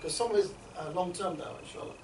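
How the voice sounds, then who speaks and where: A street outreach trainer with a fairly high, expressive, slightly mellow voice and some vocal fry coaches a group of trainees, racing chattily through his points and checking in with "yeah?" and "right?" to keep them along. He was recorded from a distance in an echoey indoor room, with a faint ambient hum behind him.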